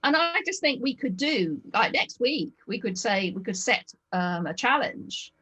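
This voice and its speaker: A woman's voice: a little high, big pitch swings, unhurried, pushed and bright, breathy edge, low-quality recording. Chatty woman with a northern English accent. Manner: rambling and enthusiastic, many ums. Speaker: host. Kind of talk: casual video chat. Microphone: video call.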